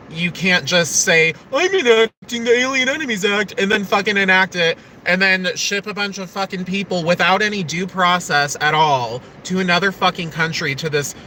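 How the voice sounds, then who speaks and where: A man's voice: fairly high pitch, sharp tone, slight background noise, poor audio. A man on a casual live stream, ranting angrily with lots of swearing. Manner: angry, profane and emphatic. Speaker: livestreamer.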